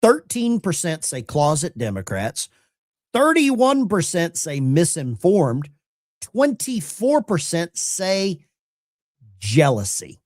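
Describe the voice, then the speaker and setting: A man hosting a live call-in show, taking callers and chatting casually in an animated, rambling way. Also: a little high, takes it slowly.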